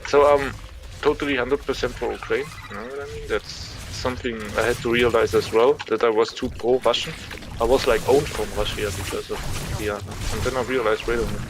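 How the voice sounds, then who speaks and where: A man's voice: medium pitch, steady tone, fairly quick. Rambling man, clicky noisy mic. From Germany. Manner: rambling, loose and talkative, swears casually. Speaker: streamer. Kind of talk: casual chat while streaming a game.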